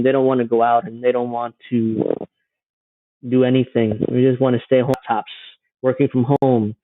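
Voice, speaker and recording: A man's voice: mid-range voice, dry recording, phone-quality sound. A man hosting a livestream, giving sarcastic, rambling political commentary. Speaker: livestream host.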